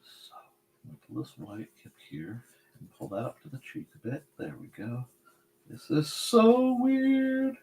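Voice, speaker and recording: A man's voice: medium pitch, big pitch swings, moderate pace, long pauses, darkish tone, slight background noise. A man hosting a casual live stream, chatting while he draws and talking to his cats in a sing-song voice. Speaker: host.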